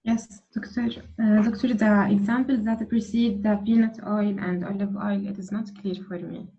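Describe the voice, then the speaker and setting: A woman's voice: medium pitch, fairly even intonation, warm tone, lo-fi sound. A woman student asking her lecturer a question in an online class, speaking hesitantly. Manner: hesitant, halting.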